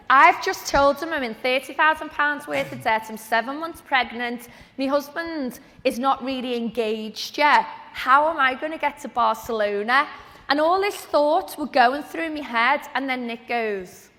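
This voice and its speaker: A woman's voice: high voice, a little slow, pushed and bright. A woman telling a personal story on stage to a live audience, acting out the conversations she quotes. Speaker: speaker at a training event. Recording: reverberant hall sound.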